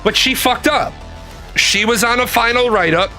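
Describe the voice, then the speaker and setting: Man, high-pitched, bright tone, swearing rant, soft music behind. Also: normal speed. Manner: exasperated, swears a lot, acts out phone calls. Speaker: podcast host. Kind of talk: profane storytelling rant.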